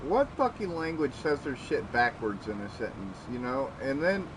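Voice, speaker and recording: A man's voice: medium pitch, very animated, normal speed. Chatty guy laughing a lot, noisy background. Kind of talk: casual gaming chat.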